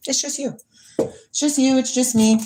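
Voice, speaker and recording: Over a noisy background, a high-pitched woman in her forties speaks at normal speed with fairly even intonation. She's a livestream host, chatting casually with live chat in a rambling, dreamy, playful manner and replying to viewer comments.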